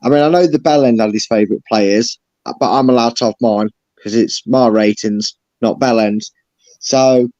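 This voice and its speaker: A man's voice: mid-range voice, darkish tone, lo-fi sound. A man rating football players on a fan channel, gushing and emotional, stumbling over his words. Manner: gushing, emotional, with frequent restarts. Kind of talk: casual chat.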